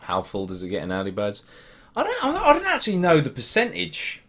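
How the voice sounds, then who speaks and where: On a casual live stream, a young man from Norwich reads comments with sweary, laddish banter in his Norwich English accent. His voice is fairly high and fairly bright, with huge pitch swings and a fairly quick pace.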